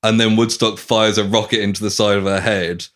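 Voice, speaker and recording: Low-voiced man retelling a story. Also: fairly quick. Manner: animated retelling, acting out lines with swearing and laughs. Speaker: podcast host retelling a novel. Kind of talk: casual chat.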